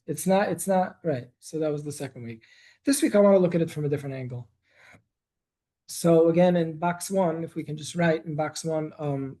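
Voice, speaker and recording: A man's voice: a little high, dark tone, no room sound, rough recording. Earnest man leading a workshop. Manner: earnest, repeats and restarts phrases. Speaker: workshop leader. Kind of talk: Torah workshop lecture. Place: study hall with online attendees.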